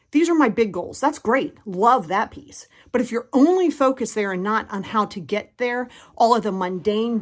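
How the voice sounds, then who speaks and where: A woman in her fifties, sweaty after a workout, giving a casual motivational talk at home, animated and chatty, acting out the voices in her head. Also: medium pitch. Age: 50s. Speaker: motivational podcast host. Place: at home in a bedroom.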